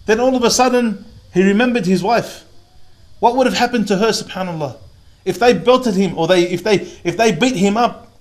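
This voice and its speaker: Earnest Australian preacher with high voice. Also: male voice. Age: 30s. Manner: earnest, dramatic storytelling, drops to a hush on pious asides. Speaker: Islamic preacher. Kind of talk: narrated sermon story.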